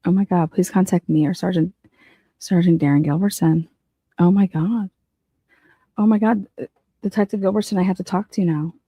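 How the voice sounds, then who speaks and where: A woman giving casual true-crime commentary as she reads through documents, excitable and profane, swinging between low muttering and loud exclamations. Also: normal speed, pauses often, slightly rough, no echo, studio quality.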